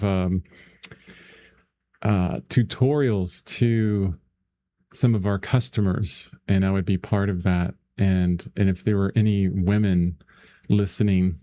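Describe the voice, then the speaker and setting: A middle-aged man talks viewers through a painting demo in an easygoing, rambling way, laughing often between his thoughts. His voice sits low and sounds mellow and warm. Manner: rambling and chatty, laughs often, lots of fillers. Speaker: painting instructor. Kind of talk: casual livestream painting lesson, chatting with viewers.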